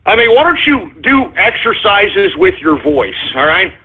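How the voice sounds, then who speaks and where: High-voiced ranting radio host. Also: male voice, big pitch swings, a little slow, husky. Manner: ranting, rambling, repeats "all right?". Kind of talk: talk radio rant. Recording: tinny phone-line sound.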